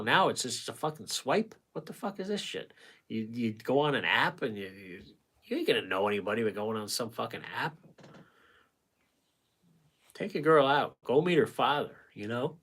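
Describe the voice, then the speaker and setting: A man in his forties hosting a casual livestream, reading out viewer comments and giving blunt, rambling advice, swearing freely and breaking off mid-thought. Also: medium pitch. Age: 40s. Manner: gives frank dating advice to viewers by name. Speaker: painting livestream host.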